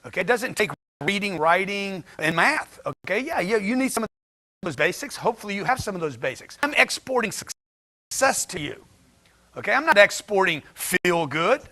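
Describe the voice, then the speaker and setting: A man's voice: sits high, big pitch swings, moderate pace, pushed and bright. A man giving a blunt, slangy motivational talk to a livestream chat, firing rhetorical questions at his audience. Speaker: motivational speaker.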